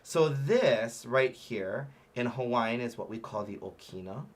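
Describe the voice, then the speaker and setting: A man teaching a relaxed livestream ukulele lesson in a conversational voice. He breaks Hawaiian words into slow, careful syllables as he demonstrates them. His talk is loose and friendly, full of fillers and easy laughter. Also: mid-range voice. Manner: explains patiently, sounds out Hawaiian words syllable by syllable; chatty with frequent fillers and laughter. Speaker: ukulele workshop instructor.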